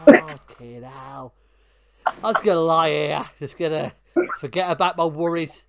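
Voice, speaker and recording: A man pranking strangers on a webcam video chat, loud, crude and teasing, jumping between voices. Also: a little high, a little slow, vocal fry, no echo.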